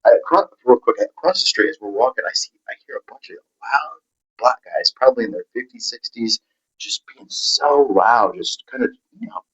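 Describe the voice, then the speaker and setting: A man telling a personal story in a halting, rambling way, full of restarts and fillers, acting out the voices of people he met. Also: mid-range voice, expressive, fairly bright tone, breathy edge, highs cut off.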